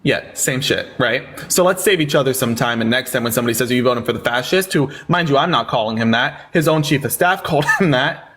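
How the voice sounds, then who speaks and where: A man's voice: mid-range voice, fast talker, hardly any pauses, fairly bright tone. A man hosting a live-stream debate, sarcastic and taunting with callers, thanking viewers in casual chat. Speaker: livestream debate host.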